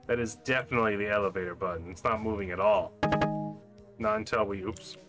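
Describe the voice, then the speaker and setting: A man's voice: fairly low pitch, fairly even intonation, brisk. A man commenting playfully on his own play of a shooter game, joking and talking to himself as he goes. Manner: playful, jokey, talking to himself while playing. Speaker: gaming channel host. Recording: game music playing behind.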